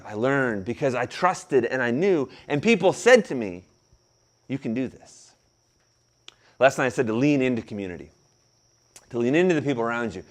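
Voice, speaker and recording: A man in his thirties giving a sermon, telling his story with acted-out quotes and a mild stutter he controls with deep breaths. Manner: animated storytelling, acts out quotes. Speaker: pastor. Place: room with an audience.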